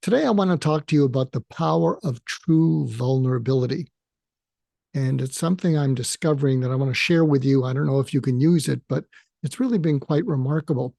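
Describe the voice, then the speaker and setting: A man talks through a reflective solo monologue as host of his own show, pausing and restarting often. His voice is gravelly and a little husky, with a dark, mellow tone. The recording is dry and close. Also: medium pitch, no echo. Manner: halting, with frequent fillers and restarts. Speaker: podcast host and therapist.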